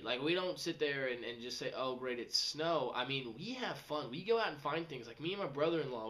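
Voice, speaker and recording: A young man, rambling casually in a vlog and jumping into high mocking voices. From West Texas. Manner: animated, jumps to high mocking voices when quoting people. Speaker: vlogger.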